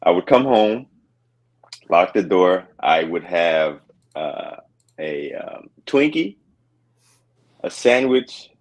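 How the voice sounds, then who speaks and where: An easygoing middle-aged man with a low voice tells stories on a casual podcast. He chuckles and trails off between thoughts. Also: animated, slow, long pauses. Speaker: podcast co-host.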